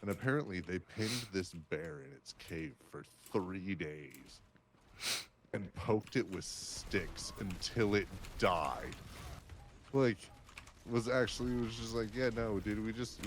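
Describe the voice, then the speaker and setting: A man's voice: fairly low pitch, lively intonation, a little slow, a little hiss or hum. A young man chatting casually while playing a video game, swearing often and telling a story with lots of laughter. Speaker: gameplay streamer. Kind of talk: casual chat while gaming.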